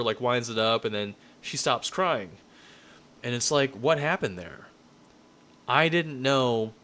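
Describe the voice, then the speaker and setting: A man's voice: medium pitch, a bit bright. A man in his thirties giving a casual, conversational lecture to a room, rambling and full of restarts.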